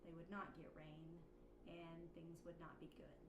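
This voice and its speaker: A woman's voice: sits low, level tone, measured pace. Woman teaching a Bible lesson. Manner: gentle leading questions. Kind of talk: teaching children. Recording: echoey room with background hiss.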